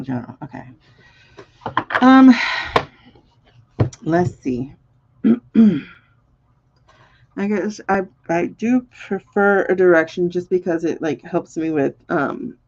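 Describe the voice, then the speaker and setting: A woman hosting a live tarot reading stream, chatting casually with viewers, animated and laughing often. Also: lowish voice, measured pace, pauses often, husky, lo-fi sound. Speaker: tarot reader and stream host.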